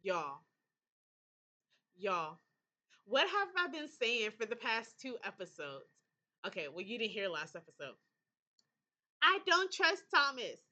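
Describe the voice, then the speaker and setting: A young woman VTuber reading a story game aloud, reacting in an animated way and talking back to the characters. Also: medium pitch, unhurried, pauses often, highs cut off. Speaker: VTuber streamer.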